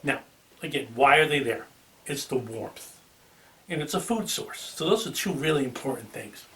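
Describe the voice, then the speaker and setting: A man's voice: mid-range voice, lively intonation, normal speed, fairly bright tone, recorded from a distance, a little hiss or hum. Boston-accented man talking cars. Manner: chatty, with filler ums and restarts. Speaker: car channel host. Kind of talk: casual talk to camera.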